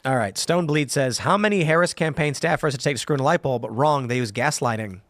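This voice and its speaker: A man's voice: mid-range voice, fast, slight background noise. A man hosting a podcast, reading viewer comments aloud in casual chat and acting out quotes as he tells stories. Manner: animated storytelling with acted-out quotes. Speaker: podcast host.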